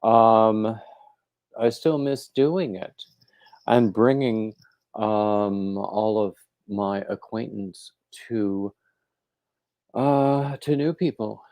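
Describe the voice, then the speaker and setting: A man hosting a casual crochet livestream, rambling and halting, with plenty of fillers and restarts, and greeting viewers by name as they arrive. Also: lowish voice, a little mellow, no room sound. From coastal North Carolina.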